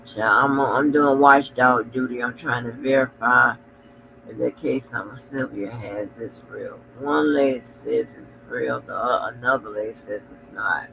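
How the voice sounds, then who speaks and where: A man's voice: medium pitch, unhurried, vocal fry, bright, forceful tone, a little hiss or hum, low-quality recording. A very sleepy man hosting a casual livestream, rambling and drowsy, trailing off into mumbles as he yawns. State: very sleepy, yawning. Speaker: livestream host.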